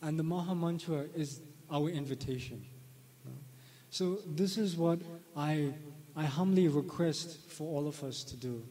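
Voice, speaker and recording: A man with a somewhat high, husky voice preaches to a gathered group as a spiritual teacher. He keeps checking in with a questioning "no?" at the end of his phrases. His voice rings out with the long reverb of a hall. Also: a little slow, warm tone. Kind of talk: live sermon to a group.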